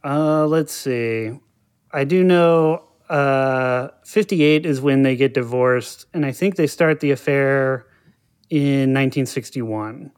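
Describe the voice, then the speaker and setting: A man appearing as a podcast guest in casual chat, answering in an easygoing, measured way. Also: mid-range voice, smooth.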